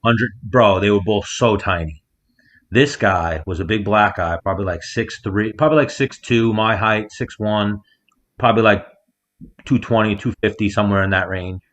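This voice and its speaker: A man co-hosting a podcast, telling a story in casual chat and loudly acting out the people in it. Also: lowish voice, moderate pace. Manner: animated storyteller, acts out quotes loudly. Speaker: podcast co-host. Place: rented house, remote call.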